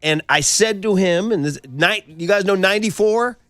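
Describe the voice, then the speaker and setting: A man's voice: high-pitched, moderate pace, no room sound. A middle-aged man hosting sports talk radio in a studio, telling stories with lots of fillers. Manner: animated storytelling, frequent fillers.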